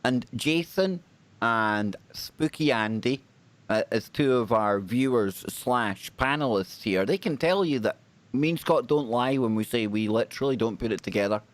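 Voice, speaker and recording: A man's voice: mid-range voice, moderate pace. A man with a British accent hosting a live paranormal stream, talking casually and joking with his audience. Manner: lively, jokey, chatty with the audience. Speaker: host.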